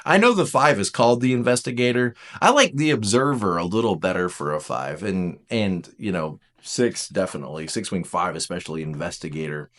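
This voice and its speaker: A man teaching in a casual lecture style, animated and jokey, acting out little voices as he goes. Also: deep voice, fairly quick, few pauses.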